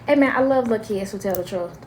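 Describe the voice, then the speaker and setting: A woman's voice: medium pitch, fast talker, slight background noise. A middle-aged grandmother hosting a casual parenting live stream from home. She talks bluntly and chattily and keeps breaking off to talk to her grandson.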